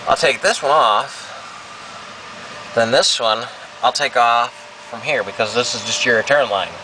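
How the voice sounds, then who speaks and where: A man's voice: medium pitch, a little slow, bright, forceful tone, a little hiss or hum, poor audio. A man with the hiccups giving a casual, self-deprecating how-to walkthrough beside a Jeep, talking with plenty of fillers. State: has the hiccups. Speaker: vlogger.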